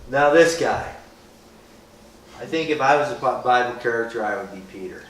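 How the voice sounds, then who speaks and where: A man leads a group in a casual, joking Bible talk, speaking at normal speed with a medium-pitched, fairly bright voice and lively intonation. He keeps it conversational, tossing out rhetorical questions, tacking on "right?" and acting out how people react. The echoey room makes the recording sound roomy and distant, with a faint hiss.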